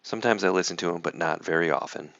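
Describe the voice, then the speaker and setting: A man reading a picture book aloud in a lively, expressive way. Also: low-pitched, fast, gravelly, dry recording, lo-fi sound. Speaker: storybook reader.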